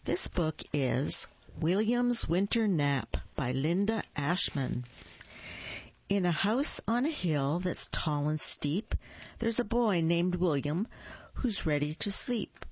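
Woman storyteller, children's read-aloud; lower voice, dry, dull lo-fi recording. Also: expressive, slightly rough, no room sound. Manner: slow, gentle, asks young listeners questions. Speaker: storyteller reading picture books.

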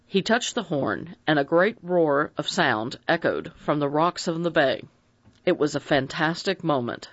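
A narrator reading a mystery novel aloud in an expressive, dramatic audiobook style. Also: medium pitch, unhurried, no echo. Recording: dry dull lo-fi recording.

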